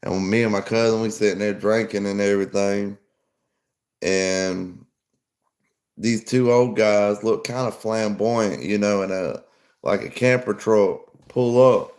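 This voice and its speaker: Guy, kinda low voice, rambling story with lots of "like". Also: a little slow, a little mellow. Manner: rambling, loose, lots of fillers. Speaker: podcast host. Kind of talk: casual storytelling.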